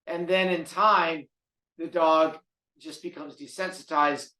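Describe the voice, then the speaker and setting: A man's voice: on the high side, steady tone, slow, sharp tone. A man who trains dogs, talking casually on a podcast in an emphatic way and repeating key words. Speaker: dog trainer. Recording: roomy echo.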